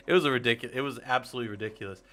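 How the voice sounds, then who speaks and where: A man's voice: mid-range voice, pushed and bright. A man in his forties hosting a casual livestream, rambling to his viewers, laughing often and swearing casually. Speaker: host of a Linux user group stream.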